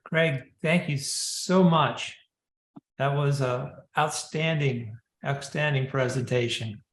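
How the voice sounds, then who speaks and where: A man's voice: mid-range voice, takes it slowly. Male roundtable host, friendly and hesitant, echoey video-call sound. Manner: friendly, hesitant with many fillers. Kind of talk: hosting a webinar.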